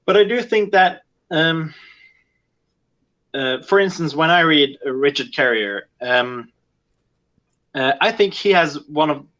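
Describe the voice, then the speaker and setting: A man's voice: on the high side, animated, slow pace, long pauses, a bit bright. A man from Norway with a Norwegian accent, a guest in a casual online chat, talking hesitantly with many fillers over a video call. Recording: dull lo-fi call audio.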